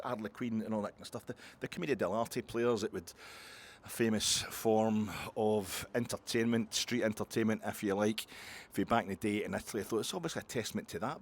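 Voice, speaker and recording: A man's voice: lowish voice, creaky, breathy edge. A Scottish man talking casually in a long rambling monologue, full of asides, restarts and swearing. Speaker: podcast host.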